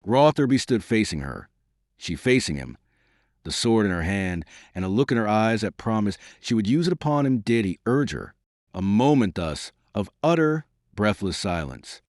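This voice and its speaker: Male audiobook narrator, low voice that swings widely, dry close sound, theatrical read. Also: moderate pace, dry recording. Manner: expressive, theatrical reading. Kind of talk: scripted narration.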